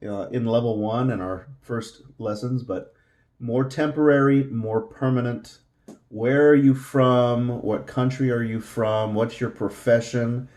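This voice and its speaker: A man's voice: medium pitch, darkish tone, reverberant. A man teaching a beginner language lesson, explaining patiently and repeating each word several times. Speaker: Spanish teacher. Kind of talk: slow classroom explanation.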